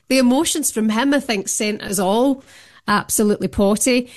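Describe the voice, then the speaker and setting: A woman's voice: mid-range voice, moderate pace. Enthusiastic woman guest on a phone-in. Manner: enthusiastic, gushing. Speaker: guest fan. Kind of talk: phone-in chat.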